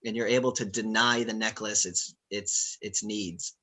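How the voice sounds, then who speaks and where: Male game master, bright tone, loose rambling narration with fillers. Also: fairly low pitch, fairly even intonation, unhurried. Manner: casual, rambling with fillers and laughs.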